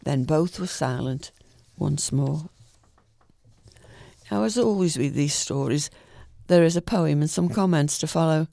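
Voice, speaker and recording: A man reading a short story aloud in a calm, even way, with the odd small slip. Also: fairly high pitch, a little slow, creaky, no echo.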